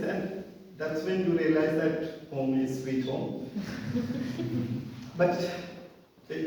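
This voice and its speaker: A man from India giving a relaxed, personal speech at a club meeting, chuckling between his points. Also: on the high side, a little hiss or hum. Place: meeting hall. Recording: echoey hall, mic far off.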